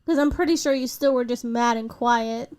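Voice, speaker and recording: Young female podcast co-host, high voice, teasing and quick to push back. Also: darkish tone, clean tone. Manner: teasing, backchannels a lot. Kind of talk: casual chat.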